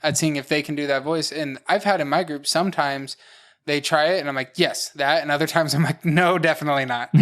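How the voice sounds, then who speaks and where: A man's voice: a little high, fairly even intonation, fast talker, a bit bright. A man co-hosting a casual podcast chat, methodically explaining his game prep step by step with "uh" and "like.". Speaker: podcast co-host, dungeon master.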